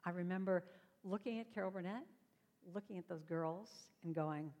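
A woman's voice: on the low side, moderate pace, a little mellow, big-room sound. A woman giving an inspirational talk on stage, telling her stories animatedly and acting out the voices in them. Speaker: inspirational speaker. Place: stage before a live audience.

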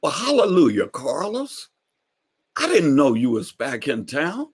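A man voicing an older male churchgoer, exuberant and preachy, shouting praise to God. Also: fairly high pitch, huge pitch swings, unhurried, breathy edge, pitched above the performer's own voice, full character voice. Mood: jubilant.

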